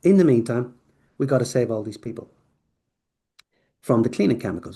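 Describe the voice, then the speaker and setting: A man's voice: medium pitch, moderate pace. A man with a mid-range voice tells a long story as a podcast guest, rambling from one point to the next. He acts out bits of conversation as he goes, with plenty of restarts and asides. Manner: rambling, animated, acts out quoted dialogue. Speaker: podcast guest, company founder. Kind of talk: storytelling interview answer.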